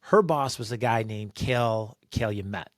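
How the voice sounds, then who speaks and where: A man sharing a workplace story as a podcast guest, animated and acting out quoted voices. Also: lowish voice, moderate pace, no echo, studio quality. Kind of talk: personal storytelling.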